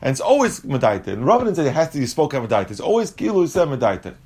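A fast-talking man with a slightly rough voice walks through a Talmud lesson step by step, weaving Aramaic and Hebrew terms into his English. He's animated and jumps in pitch to act out quotes.

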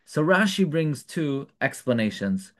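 A man's voice: on the high side, sing-song, measured pace. A man giving a Torah lecture, translating Hebrew phrases and firing off rhetorical questions. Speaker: rabbi teaching Torah class.

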